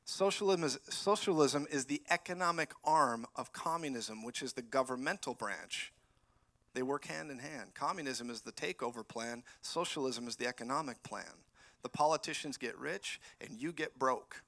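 A man preaching as a guest speaker in a church, animated and swinging between loud declarations and quiet prophetic words. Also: medium pitch, normal speed. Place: church sanctuary.

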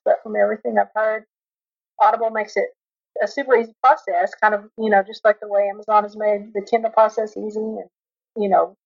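Eager Texan woman author, lo-fi sound. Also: a little high. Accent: Texas. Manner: eager, talkative, with many restarts. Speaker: guest author. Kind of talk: casual podcast interview. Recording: dull lo-fi audio.

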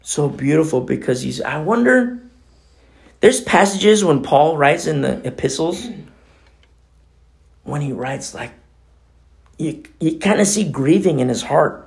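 A pastor giving a conversational sermon, animated and emphatic, at times dropping to a hushed near-whisper. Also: male voice, fairly high pitch, a little slow, creaky, long pauses.

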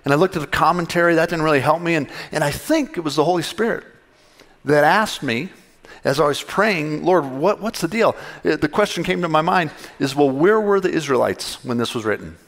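A man's voice: fairly high pitch, expressive, a little fast, fairly bright tone. A male pastor giving a conversational sermon, acting out little dialogues with God.

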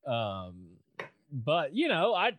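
A man's voice: on the high side, huge pitch swings, extremely slow, a bit bright, no room sound. A man joins a casual podcast movie review, circling around his points with many restarts. He often acts out lines he remembers. The recording is dry and close. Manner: rambling, hesitant, mimics film lines. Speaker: podcast co-host.

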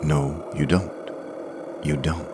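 A man voicing a resourceful, guarded woman agent who speaks dryly and with quiet determination, in an audio story. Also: very deep voice, level tone, takes it slowly, background noise. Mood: soothing.

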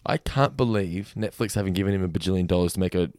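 A man's voice: deep voice, fast, darkish tone, no echo, studio quality. A man co-hosting a podcast in casual chat, easygoing and agreeable, often chuckling. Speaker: podcast co-host.

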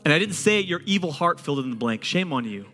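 A man preaching a sermon to a congregation in a lively, conversational way, using humor and repetition. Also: fairly high pitch, rapid-fire, long reverb tail, faint music behind. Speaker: pastor.

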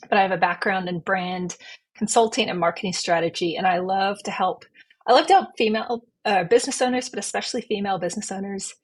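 A woman in her thirties, a business coach, talks as a podcast guest in a fluent, upbeat way. Her voice is a little husky and sits at a middle pitch. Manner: upbeat, fluent self-introduction with a few fillers. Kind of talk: podcast interview.

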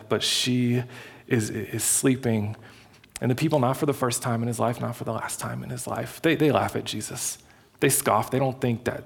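A male pastor preaching in a casual, animated storytelling way, with frequent restarts and filler words. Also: mid-range voice, gravelly, husky. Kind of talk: sermon.

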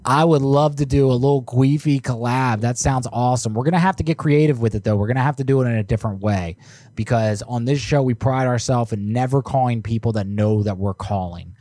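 A man's voice: medium pitch, fast, warm tone, no room sound. A man co-hosting a prank call stream, chatting casually and joking while he reads out viewer submissions. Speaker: prank call show co-host. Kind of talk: casual live-stream chat.

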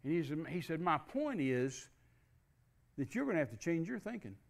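An older man with a gravelly, fry-laden voice tells a personal faith story. He sits a little higher than most men in pitch and acts out each quoted exchange as he goes. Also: very animated, fast talker, a little mellow. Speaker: guest preacher. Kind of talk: storytelling testimony.

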